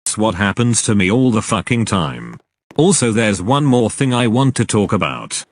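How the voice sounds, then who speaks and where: A man's voice: fairly low pitch, sing-song, moderate pace, dry recording, clean studio sound. A man narrating a storytime, ranting angrily with constant swearing. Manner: angry, profane ranting.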